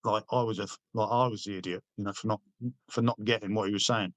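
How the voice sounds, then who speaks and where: Man, middle-aged, from Britain, low voice, dry sound, blunt, sweary, halting. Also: steady tone, fairly bright tone, no room sound. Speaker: army veteran guest. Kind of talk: casual interview storytelling.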